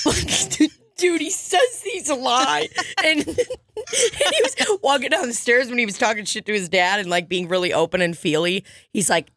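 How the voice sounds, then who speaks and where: A woman's voice: mid-range voice, sing-song, unhurried, a bit bright, dry recording, clean studio sound. A woman co-hosting a casual comedy podcast, laughing often, swearing and acting out quotes. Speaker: podcast co-host.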